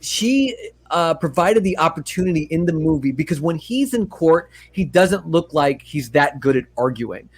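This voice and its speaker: A man with a slightly raised pitch talks in a loose, animated way. He co-hosts a casual podcast, slipping into bits of acting and laughing often. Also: normal speed, slightly rough. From Long Island, New York. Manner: animated, acts out movie quotes with laughter, swears a lot. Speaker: podcast co-host. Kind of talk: casual chat.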